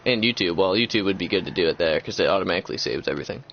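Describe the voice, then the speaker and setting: A man's voice: deep voice, animated, rapid-fire, creaky, slight background noise. A young man hosting a gaming channel, chatting casually and rambling with lots of fillers and restarts. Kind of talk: casual chat. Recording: dull lo-fi sound.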